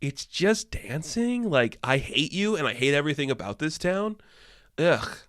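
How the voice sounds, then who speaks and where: A man's voice: fairly high pitch, sing-song, normal speed, fairly bright tone, no echo. A young man hosting a podcast, ranting in a casual, profane, exasperated way, recorded on a close mic. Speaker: podcast host.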